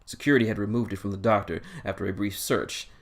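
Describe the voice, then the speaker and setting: A man's voice: lowish voice, fairly even intonation, quick pace. A man reading a fan story aloud, narrating plainly and often correcting himself mid-phrase. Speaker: story reader.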